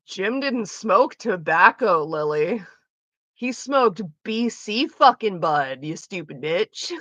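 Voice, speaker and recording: A woman streams a game from home, chatting casually in a mid-range, animated voice that comes out slow, pushed and bright. She's blunt and sarcastic, swears a lot, and coughs now and then from smoking; the audio has no echo.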